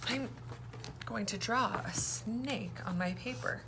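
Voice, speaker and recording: A woman teaching an early-reading phonics lesson, speaking slowly and clearly and prompting children to repeat words after her. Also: fairly high pitch, background noise. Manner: slow, clear, encouraging teacher talk with call-and-response prompts.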